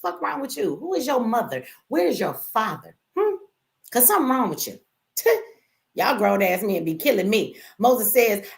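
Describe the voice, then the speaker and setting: A woman's voice: a little high, sing-song, moderate pace, vocal fry. An American woman hosting a livestream, talking casually to her chat in a brash, profane, teasing way and laughing often. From United States. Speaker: livestream host.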